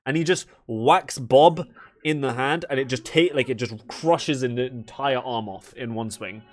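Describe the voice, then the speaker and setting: A man's voice: medium pitch, unhurried. Man rambling as a game master. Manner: casual, rambling with many fillers. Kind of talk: narrating a tabletop game.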